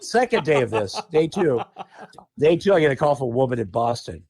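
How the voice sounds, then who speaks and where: A man's voice: medium pitch, sing-song, a little fast, a little mellow, breathy edge, no echo, clean studio sound. A man who is a podcast guest, telling a wild story in a loose, profane way and laughing mid-sentence. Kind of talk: casual anecdotal storytelling.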